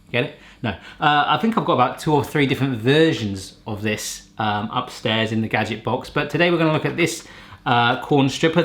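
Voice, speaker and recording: This kitchen gadget reviewer and show host keeps things loose, trading playful jokes in casual vlog chat. His voice sits in the mid range with a fairly bright tone.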